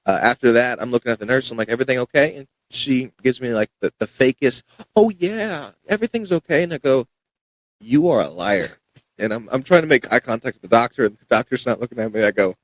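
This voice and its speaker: A man's voice: mid-range voice, no echo, low-quality recording. A young man, a fighter guest on a podcast, telling a story in a casual, rambling way with many restarts and acted-out quotes. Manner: rambling, frequent restarts and fillers, acts out quoted dialogue.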